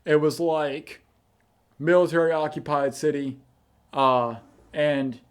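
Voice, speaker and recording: A man's voice: fairly high pitch, fairly even intonation, takes it slowly, clean tone. A man casually reviewing a film with a friend, rambling and hesitant with many fillers. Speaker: movie reviewer. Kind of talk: casual movie review chat.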